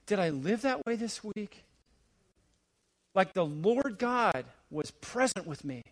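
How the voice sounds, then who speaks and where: A middle-aged man preaching a sermon as a visiting pastor, building to emphatic, rising questions and then dropping to a quiet, hushed delivery. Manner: swings between rising, emphatic preaching and hushed, low asides.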